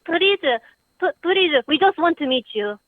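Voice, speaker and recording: A woman's voice: very high voice, big pitch swings, unhurried, exaggerated voice. A woman voicing a young female caller in a put-on Japanese accent, stammering in broken English over a dull phone line. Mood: pleading.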